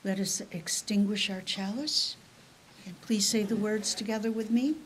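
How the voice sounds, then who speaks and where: A woman leading the spoken liturgy in a church service, gentle and unhurried. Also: mid-range voice, crowd noise. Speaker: worship leader. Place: church sanctuary.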